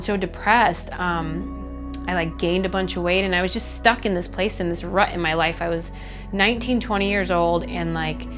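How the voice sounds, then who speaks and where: A young woman from Chicago telling her personal story in a documentary interview, candid and reflective, halting often with fillers. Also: medium pitch. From Chicago, USA. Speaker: MMA fighter. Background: faint background music.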